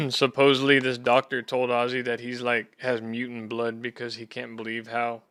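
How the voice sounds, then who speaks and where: A man's voice: medium pitch, flat delivery, normal speed, fairly bright tone, dry recording. A young Texan man hosting a sports podcast, chatting loosely with a rambling, profane manner. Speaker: podcast host. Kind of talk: casual chat.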